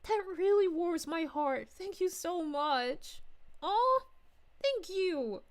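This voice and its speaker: A sweet, bubbly young princess, played by a woman, gushes over her fans in a high, bright voice that swoops up and down. She keeps sighing "aw" and giggling as she reads chat on a live stream, effusive and warm in character. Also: expressive, slow pace, heavily acted. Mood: cheerful. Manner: gushing, effusive, frequent giggles and "aw"s. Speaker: VTuber streamer.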